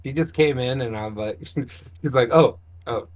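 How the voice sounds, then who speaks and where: A man co-hosting a casual podcast chat, excitable and laughing often, on a home mic. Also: medium pitch, moderate pace, dull audio. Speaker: podcast co-host.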